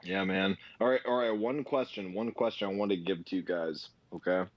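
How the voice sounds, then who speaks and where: A man calling in as a guest for casual chat, laid-back and slangy, with plenty of halting fillers and his mouth full of food. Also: deep voice, no echo, highs cut off. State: talking while eating. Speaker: call-in guest.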